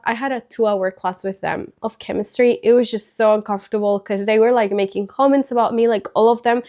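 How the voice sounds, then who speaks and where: A sick, hoarse woman talking casually to camera as a teacher and vlog host, rambling with lots of "like" and restarts and sounding a bit upset. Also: a little high, a little mellow. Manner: chatty, rambling, frequent "like" and restarts; mildly upset, confiding. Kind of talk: casual storytelling chat to camera.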